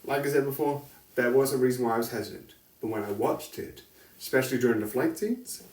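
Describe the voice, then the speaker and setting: A man's voice: medium pitch, fast talker, darkish tone. Man, casual film review, rambling, self-correcting, distant mic, roomy echo. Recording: echoey room, distant mic.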